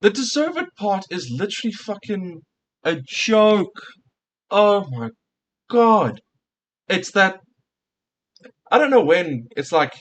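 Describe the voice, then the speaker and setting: A man's voice: on the high side, a bit bright, slight background noise. A male streamer in a casual reaction rant, heated and profane, firing off rhetorical questions at his viewers.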